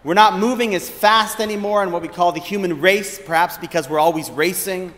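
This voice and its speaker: A man giving a reflective sermon as a rabbi, measured and thoughtful, posing questions. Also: high voice, a bit bright, big-room sound. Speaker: rabbi giving a short lecture.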